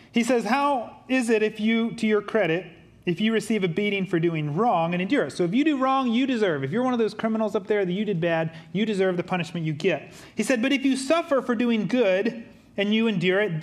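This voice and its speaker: The speaker is a male pastor giving a sermon. He trades quiet, low emphasis for spirited, joking, conversational asides and back again.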